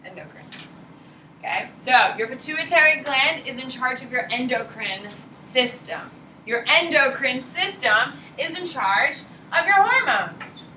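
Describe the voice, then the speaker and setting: A woman teacher giving a casual, animated classroom lecture, blunt and chatty. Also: high voice, measured pace, slight background noise. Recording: echoey classroom from far off.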